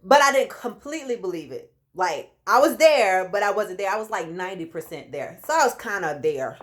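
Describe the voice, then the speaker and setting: A woman in her late thirties telling a personal story in a casual vlog, lively and acting out what people said. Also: medium pitch, brisk. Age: 30s. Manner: animated, acts out quoted voices. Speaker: vlogger.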